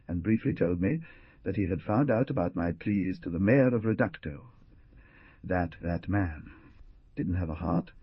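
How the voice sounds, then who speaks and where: Deep-ish guy reading an audiobook, dramatic and animated, dry close recording. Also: husky, no echo, highs cut off. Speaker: audiobook narrator. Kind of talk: scripted narration.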